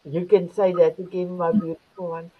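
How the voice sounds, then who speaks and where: A woman's voice: lowish voice, flat delivery, normal speed, dull audio. An older woman hosting an online talk show, effusive and calling her guests beautiful. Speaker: host. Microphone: video call.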